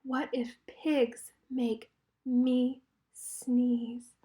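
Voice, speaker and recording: A woman voicing an anxious, sniffly young male elephant from a storybook who stammers and bursts into loud sneezes. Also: fairly high pitch, drawn-out words. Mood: worried.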